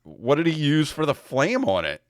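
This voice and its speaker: A man's voice: fairly high pitch, huge pitch swings, moderate pace. A man co-hosting a podcast in casual chat, reacting and asking stumbling follow-up questions. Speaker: podcast co-host.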